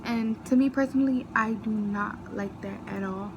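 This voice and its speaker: A woman's voice: medium pitch, normal speed, muffled recording, background noise. A young woman chatting casually through a makeup tutorial, walking viewers through each step in an informal way. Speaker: beauty vlogger.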